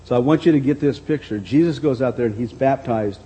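A man with a mellow, dark, slightly husky voice preaching a sermon. He reads scripture aloud and explains it at an unhurried pace. He often doubles back on his words as he goes. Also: medium pitch, low-quality recording. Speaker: pastor.

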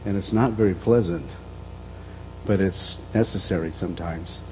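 Man, middle-aged, pastor, reflective sermon, warm dark tone, faint background hum. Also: deep voice, moderate pace, poor audio. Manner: reflective, speaks softly then lifts his voice.

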